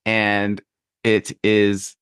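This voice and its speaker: Thoughtful male podcast host, low dry voice. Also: monotone, drawn-out words, fairly bright tone, clean tone, no room sound. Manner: thoughtful, restarts, laughs while speaking. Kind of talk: podcast interview.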